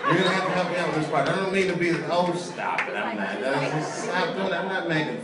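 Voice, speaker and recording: On a comedy club stage, a male stand-up does profane crowd work, bantering with and teasing audience members. His voice is a little high and fast, and he sits far from the mic in a very noisy, echoey live recording with a loud crowd.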